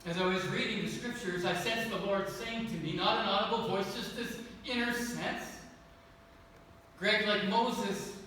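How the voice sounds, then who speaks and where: A man's voice: high-pitched, normal speed, few pauses, sharp tone, a little hiss or hum. A man preaching a sermon as pastor, telling a personal story and building to emphatic peaks. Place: church sanctuary. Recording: echoey church hall from far off.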